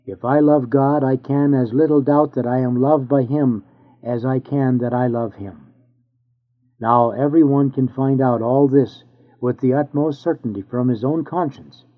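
Male reader, earnest measured sermon delivery, mid-range voice, phone-thin audio. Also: medium pitch. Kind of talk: reading an old sermon aloud. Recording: tinny phone-like sound.

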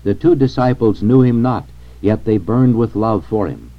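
A man reading a sermon aloud in a solemn, measured way. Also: lowish voice. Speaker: reader of a sermon. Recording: dull lo-fi recording.

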